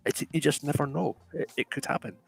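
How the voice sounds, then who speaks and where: A man's voice: fairly high pitch, fairly quick, vocal fry, slightly rough, poor audio. A man hosting a casual talk show, rambling with restarts and calling his listeners folks. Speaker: podcast host. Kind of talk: casual chat.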